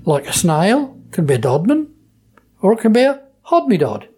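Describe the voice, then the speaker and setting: A man's voice: high voice, wildly swooping pitch, moderate pace, darkish tone, husky. A man from Norfolk with a Norfolk accent, explaining dialect words in an enthusiastic, explanatory way during an interview. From Norfolk, England. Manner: enthusiastic, explanatory, playful with pronunciations. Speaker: dialect society member. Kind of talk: interview answers.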